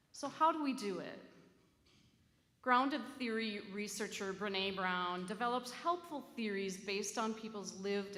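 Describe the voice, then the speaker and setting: A woman minister delivering a sermon, telling a story slowly with dramatic emphasis. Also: mid-range voice, fairly bright tone. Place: church sanctuary. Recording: echoey sanctuary with long reverb.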